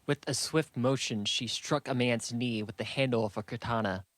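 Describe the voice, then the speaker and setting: A man narrating a fantasy audiobook in a steady, measured storytelling manner. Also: medium pitch, no echo.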